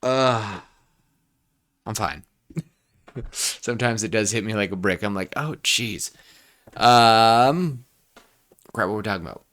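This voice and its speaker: A man in his twenties co-hosting a podcast, brainstorming in a rambling, excitable way with lots of restarts. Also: on the low side, unhurried, long pauses. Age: 20s. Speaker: podcast co-host. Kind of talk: casual brainstorming chat.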